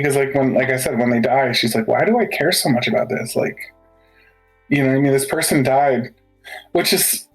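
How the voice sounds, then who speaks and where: A man's voice: mid-range voice, rough recording. A man co-hosting a podcast, arguing his reading of an anime and checking in often with his listener. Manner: keeps asking "you know what I mean", acts out quotes. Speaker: podcast co-host. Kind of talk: casual anime review chat.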